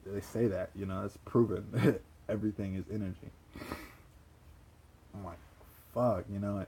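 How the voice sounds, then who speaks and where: A young man casually telling a personal story, animated and profane, repeating himself and laughing. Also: fairly low pitch, creaky, slight background noise. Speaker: vlogger.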